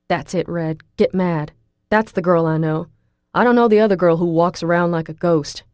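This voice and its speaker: A woman's voice: low voice, steady tone, normal speed, a little mellow, no room sound. A woman voicing a large, protective young college man who teases bluntly and speaks matter-of-factly, in an audiobook. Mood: angry. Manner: blunt, teasing, matter-of-fact. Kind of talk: audiobook character voice.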